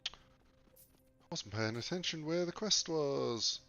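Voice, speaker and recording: A man's voice: a little high, animated, slow pace, creaky, sharp tone, highs cut off, faint music behind. A young Australian man with an Australian accent chatting casually while streaming a game, loose and laid-back, swearing now and then. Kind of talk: casual livestream gaming commentary.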